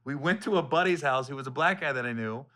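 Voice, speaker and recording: A man's voice: medium pitch, quick pace. A middle-aged man from Ohio hosting a podcast, telling stories in casual, profane chat. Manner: animated storyteller, swears freely. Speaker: podcast host.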